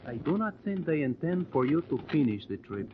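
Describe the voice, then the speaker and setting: Casting: smuggler, amused and lilting, old radio play. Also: male voice, fairly high pitch, sing-song, brisk. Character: Latin American smuggler, sly, mercenary. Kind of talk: 1940s radio acting. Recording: dull noisy old radio recording.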